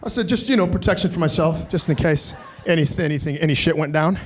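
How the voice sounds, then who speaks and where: A man's voice: fairly high pitch, fast. A man doing stand-up comedy, telling a long story and acting out the people in it. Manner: animated, acts out characters.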